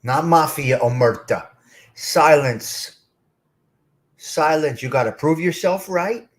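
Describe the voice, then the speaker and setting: A middle-aged man hosts a live stream in a blunt, streetwise way. His voice sits a little high for a man. He talks straight to his chat as if they were at the table with him. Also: animated, moderate pace. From North Jersey. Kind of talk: casual live chat reading comments.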